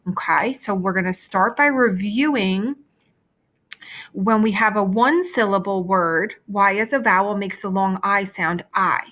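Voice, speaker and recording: A patient woman teacher walks young learners through a phonics lesson on shared slides, speaking into a computer mic at her desk. She explains each step slowly and keeps checking in with "okay?". Her voice sits at an ordinary middle pitch. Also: fairly bright tone.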